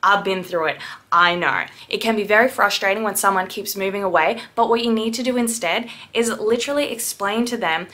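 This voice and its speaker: Woman piercer, bright tone, blunt and indignant commentary, salty language. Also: medium pitch, a little fast. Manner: blunt, indignant, swears freely. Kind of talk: ranting reaction commentary.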